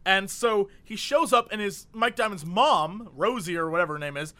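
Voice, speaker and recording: Energetic male co-host, high and bright, ranting with comic gusto. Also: normal speed. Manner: animated, storytelling with bursts of laughter. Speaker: podcast co-host. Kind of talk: casual comedic chat.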